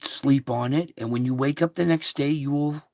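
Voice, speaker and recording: A man's voice: mid-range voice, normal speed, darkish tone, no room sound, clean studio sound. A man giving casual devotional teaching, reading passages aloud and then talking them through in a conversational way that keeps checking in with his listeners.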